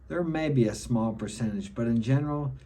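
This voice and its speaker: A man's voice: mid-range voice, brisk, mellow. A middle-aged man giving an opinionated monologue to camera, lecturing and often ending his points with a checking "okay?". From United States. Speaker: self-help vlogger.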